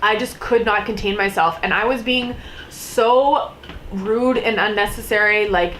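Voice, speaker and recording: A young woman vlogger telling a story casually, full of "like" and "you know", jumping into higher voices when she acts out what people said. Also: unhurried, a little hiss or hum, low-quality recording. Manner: animated storytelling, acting out quotes in a higher voice; filler-heavy, lots of "like" and "you know".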